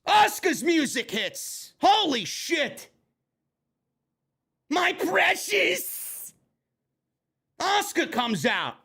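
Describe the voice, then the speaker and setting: A man's voice: very high voice, huge pitch swings, a little slow, few pauses, fairly bright tone. A man reviewing a wrestling show in an angry, sarcastic rant full of swearing. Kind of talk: profane ranting show review.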